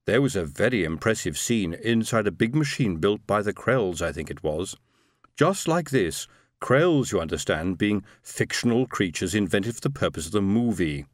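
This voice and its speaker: A man's voice: fairly low pitch, lively intonation, moderate pace, dry recording, clean studio sound. A man voicing a large, easygoing female alien who rambles on in a story reading. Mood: chatty.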